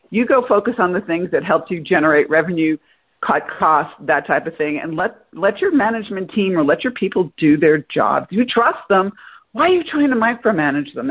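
A woman's voice: fairly low pitch, breathy edge. A woman who is a guest on a business interview, giving direct, plain-spoken advice. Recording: phone-like call audio.

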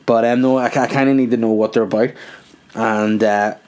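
A man's voice: mid-range voice, fairly even intonation, moderate pace, darkish tone. A man hosting his own podcast, talking in a loose, jokey monologue. He rambles from point to point, peppering his speech with "like" and the odd swear word. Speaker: podcast host and comedy club runner. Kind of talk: casual comedic monologue.

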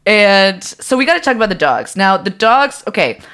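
A woman's voice: medium pitch, big pitch swings, moderate pace, fairly bright tone. A woman co-hosting a podcast in casual chat, blunt and opinionated. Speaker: podcast co-host.

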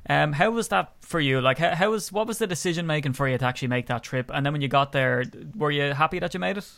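A man's voice: a little high, fast talker, gravelly, a bit bright, no echo. An Irish man co-hosting a podcast, chatting casually in a rambling, jokey way. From Ireland. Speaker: podcast co-host.

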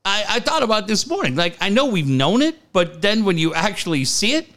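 A middle-aged man, co-hosting a sports talk show and telling stories in an excitable, profane way. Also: sits high, fairly quick. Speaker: sports radio co-host. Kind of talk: casual chat.

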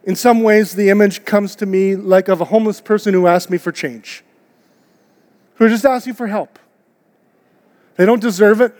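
A high-pitched man delivers an earnest, conversational sermon to his church, asking his listeners one rhetorical question after another. His voice rings out with a long reverb, as in a large church hall. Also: steady tone, normal speed, pauses often, a little mellow. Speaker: pastor. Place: church auditorium.

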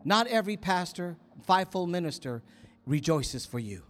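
A man preaching, telling a story in an animated way, acting out quotes with gasps and whispers. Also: high voice, moderate pace, soft background music. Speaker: pastor. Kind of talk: sermon storytelling.

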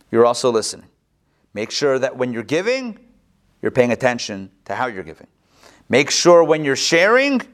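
A male rabbi with a medium-pitched voice teaches a live Torah class. He is animated, tossing in joking asides and correcting himself quickly.

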